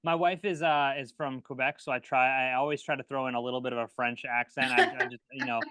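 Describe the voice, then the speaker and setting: A man's voice: mid-range voice, steady tone, quick pace, sharp tone, clear, resonant tone. A man hosting a casual video call chat, talking hesitantly with many fillers and restarts. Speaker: host.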